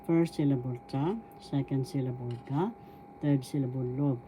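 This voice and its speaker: A middle-aged woman teaching a language slowly and patiently, breaking words into syllables, her voice still low and husky from a cold. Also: fairly even intonation, dark tone, slight background noise, poor audio. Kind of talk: slow spoken language lesson. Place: at home indoors, diffuser running.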